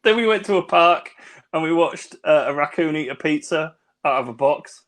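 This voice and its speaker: Man, co-host, boozy rambling chat, slightly high voice, video call. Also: expressive, moderate pace, a bit bright. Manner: rambling, swearing, laughing. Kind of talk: tipsy casual chat over cocktails.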